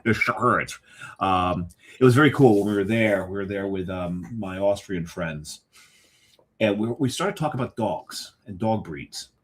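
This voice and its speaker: A man's voice: lowish voice, a little slow. A man co-hosting a podcast in casual chat, telling chatty anecdotes and laughing often. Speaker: podcast co-host.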